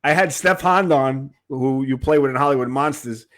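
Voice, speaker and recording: A man's voice: mid-range voice, normal speed, a bit bright. A man from Queens with a heavy New York accent, hosting an interview in a chatty, jokey way. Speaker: podcast host. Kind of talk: casual interview chat.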